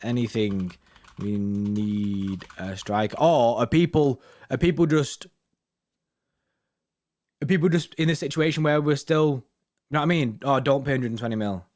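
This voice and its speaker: A man's voice: on the high side, moderate pace, pauses often, a little mellow. A young man hosting a football fan live stream, chatting casually with viewers, full of slang and tags like "innit" and "you know what I mean".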